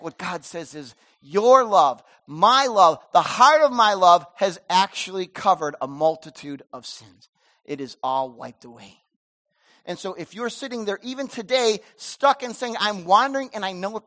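A middle-aged male pastor preaching a sermon in a church, animated, moving between loud emphasis and soft asides. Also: on the high side.

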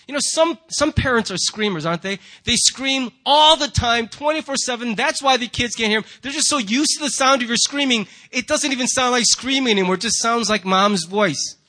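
A male pastor delivering a sermon in a church. His voice sits high and bright, and he preaches in an animated, humorous way. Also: fairly quick, hardly any pauses.

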